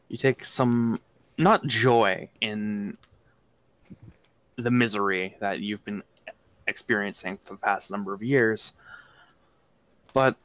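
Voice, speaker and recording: A man narrating a tabletop game as game master, in a slow, reflective, deliberate way. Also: on the low side, a bit bright, dry recording.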